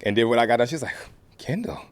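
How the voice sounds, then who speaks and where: A man from the American Midwest, a podcast guest and actor, telling a story in a relaxed way and acting out the voices of the people in it. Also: mid-range voice, very fast, smooth. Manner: animated, acts out quoted voices. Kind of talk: casual storytelling.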